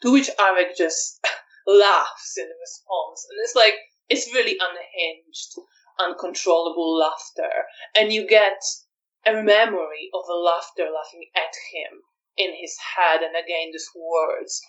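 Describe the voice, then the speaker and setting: Woman storyteller, low voice, very slow, set back from the mic. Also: a bit bright, distant mic, rough recording. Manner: measured, hesitant with ums. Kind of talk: narrating a tabletop game.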